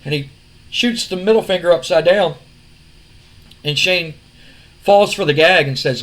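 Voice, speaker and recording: A man's voice: fairly high pitch, a little slow, long pauses, a bit bright. A man casually narrating a wrestling simulation game, rambling and restarting. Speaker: gamer narrating a wrestling sim.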